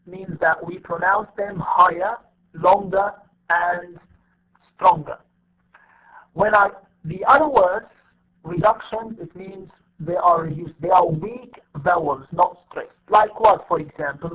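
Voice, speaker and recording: High-voiced teacher on a tinny line. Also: male voice. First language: Arabic. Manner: repetitive, explains step by step with many fillers. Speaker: English teacher. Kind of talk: online class lecture.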